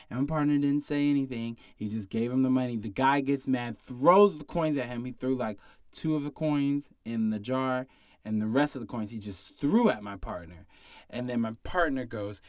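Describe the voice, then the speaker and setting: A man's voice: mid-range voice, normal speed, no room sound, studio quality. A young man casually telling a story about his bartending job, acting out other people's lines. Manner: animated storytelling, acts out other people's quotes.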